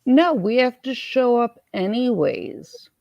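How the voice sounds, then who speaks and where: Hoarse, gravelly woman chatting slowly. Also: on the high side, very animated, a little mellow, no echo, lo-fi sound. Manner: chatty, self-mocking, reads viewer comments aloud. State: hoarse from neck swelling. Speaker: livestream host. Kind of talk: casual live-stream chat.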